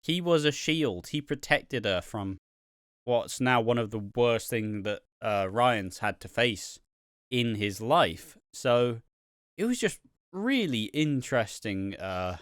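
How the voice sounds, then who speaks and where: A man in casual podcast chat, rambling through his thoughts with frequent fillers and the odd swear word. His voice is smooth and clear, recorded close and dry with no room sound. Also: medium pitch, lively intonation, slow pace, a bit bright, dry recording. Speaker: podcast host. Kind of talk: casual soap review chat.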